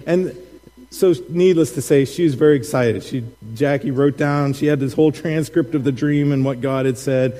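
A man's voice: mid-range voice, normal speed, warm tone. A middle-aged man, a pastor, preaching a sermon and telling a personal story with laughter, acting out the voices of the people in it. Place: church sanctuary. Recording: long hall reverb.

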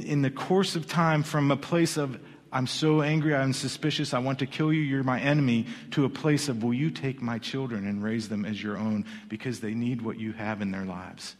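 A man preaching a sermon in a church, in a conversational way that often restarts his words. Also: mid-range voice. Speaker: pastor. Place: church sanctuary. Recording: long hall reverb.

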